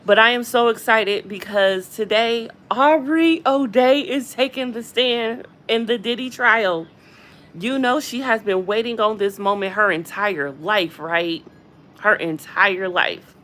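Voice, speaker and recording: A woman's voice: on the high side, measured pace. Chatty woman livestreaming from a hospital room. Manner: chatty and animated, often addressing viewers as y'all. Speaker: gossip channel host. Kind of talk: casual chat livestream.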